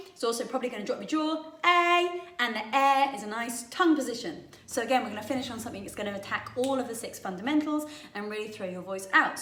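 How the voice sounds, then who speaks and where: A woman's voice: fairly high pitch, fairly bright tone. Chatty vocal coach woman, roomy sound. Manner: chatty, encouraging, demonstrates exercises aloud. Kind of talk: singing warm-up lesson.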